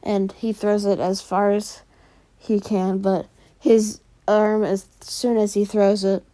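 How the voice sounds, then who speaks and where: A woman casually narrating a fan story, filling pauses with frequent "uh"s. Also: medium pitch, little pitch movement, dark tone.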